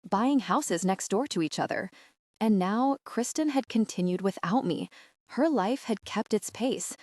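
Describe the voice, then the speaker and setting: A woman narrating a first-person romance audiobook in a steady, even voice, read close to the mic. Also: mid-range voice, no room sound.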